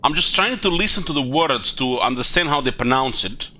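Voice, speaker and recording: A man's voice: medium pitch, expressive, fairly quick, sharp tone. A man streaming a video game, chatting casually in a rambling, profane way with lots of fillers. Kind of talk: casual gaming commentary.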